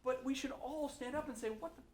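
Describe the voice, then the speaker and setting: Fast-talking blunt governor, echoey room. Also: male voice, very high voice, steady tone, over a noisy crowd. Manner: fast, blunt and ranting, with asides and laughs. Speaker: state governor speaking at a forum. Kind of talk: impassioned public remarks. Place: large echoey room with an audience. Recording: roomy echo.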